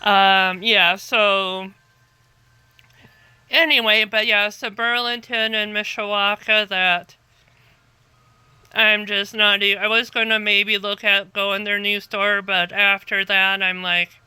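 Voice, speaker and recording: Slow-talking woman, bright and crisp. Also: mid-range voice, dry recording. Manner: rambling, repeats herself, calm and even. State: tired, half asleep. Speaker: vlogger. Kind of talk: casual storytelling to camera.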